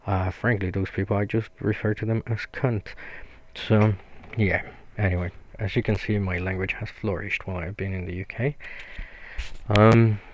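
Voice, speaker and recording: A man from Mexico with a Mexican accent, rambling through a solo podcast in a flat, sweary, self-mocking way. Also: lowish voice, normal speed, muffled recording, slight background noise. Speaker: podcast host.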